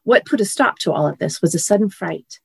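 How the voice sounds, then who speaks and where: A woman's voice: fairly low pitch, expressive, brisk, gravelly, slightly rough, no echo. A woman reading a storybook passage and then explaining it as a podcast guest, tearful and hesitant. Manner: hesitant, restarts often when explaining. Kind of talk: storybook reading and casual chat.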